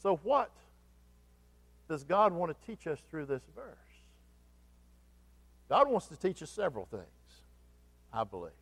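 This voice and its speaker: A man's voice: on the high side, wildly swooping pitch, unhurried, pauses often, fairly bright tone, breathy edge. A man preaching a sermon as pastor, asking the congregation questions and repeating key phrases for emphasis. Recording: long hall reverb.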